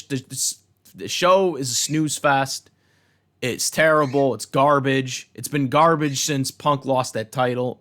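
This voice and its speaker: A man with a mid-range, fairly bright voice rants heatedly on his channel about wrestling storylines, swearing and repeating points to hammer them home.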